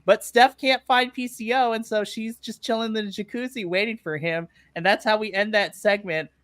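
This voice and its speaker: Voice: mid-range voice, steady tone, normal speed, a bit bright, no room sound. A podcast co-host giving a casual recap, chatty, laughing often and acting out their own reactions. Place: remote live stream.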